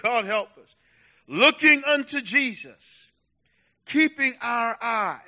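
A man preaching a sermon in a very high, piercing voice, moving from hushed lines to sudden shouts. His delivery is dramatic and emphatic. The recording sounds dull and lo-fi. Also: expressive, takes it slowly.

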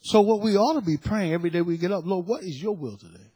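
A man delivers a sermon in a slightly high, husky voice, repeating phrases and swinging between hushed asides and loud, emphatic cries. The sound is dry and close, with no room echo. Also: quick pace. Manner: preaching with call-and-response phrasing. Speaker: preacher.

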